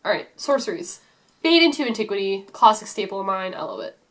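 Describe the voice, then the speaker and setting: A woman who is sick, hosting a casual card-game chat, enthusiastic and quick to say "so good". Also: medium pitch, big pitch swings, a bit bright. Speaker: host.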